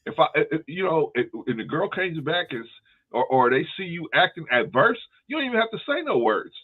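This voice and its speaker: An older man hosting a casual talk show, telling stories in an animated way, swearing freely and acting out what people say. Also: on the high side, fairly quick, slightly rough. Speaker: host. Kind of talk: casual panel chat. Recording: tinny phone-line sound.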